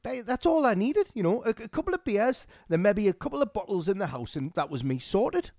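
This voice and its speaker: Easily tempted drinking mate, teasing tone, lively and high, as an actor plays him. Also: male voice, a little fast, dry recording, clean studio sound. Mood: cheeky. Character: skinny British drinking pal, easily tempted. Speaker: pub regular. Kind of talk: comedy audio play acting.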